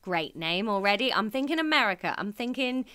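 30s woman on a podcast, bright sharp voice, playful teasing banter. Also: medium pitch, expressive, a little fast, clear, resonant tone. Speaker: podcast co-host. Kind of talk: casual comedic chat.

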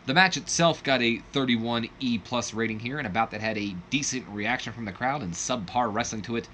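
Doing let's play commentary on a wrestling sim, this man talks briskly at a medium pitch with a sharp edge, over slight background noise. His narration wanders, he corrects himself as he goes, and he chuckles whenever he slips up.

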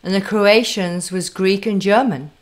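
A woman's voice: mid-range voice, steady tone, unhurried. A woman hosting an interview, chatting casually and affirming her guest. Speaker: host.

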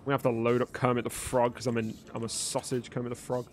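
A man's voice: medium pitch, little pitch movement, quick pace. A young man chatting live with his viewers while gaming, joking and swearing freely. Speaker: livestreamer. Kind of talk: live gaming stream chat.

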